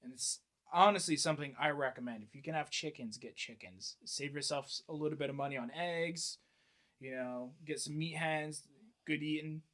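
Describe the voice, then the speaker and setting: A man's voice: a little high, moderate pace, a bit bright. Young man, casual podcast chat, rambling, crude, laid-back storyteller. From United States. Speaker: podcast guest.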